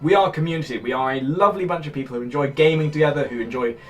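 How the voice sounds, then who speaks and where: A man's voice: on the high side, very fast. A young man from England with an upper-class sounding English accent, chatting casually and jokily as a YouTuber answering viewer comments. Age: young adult. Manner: animated and jokey, with bursts of loud shouting. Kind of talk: casual vlog chat.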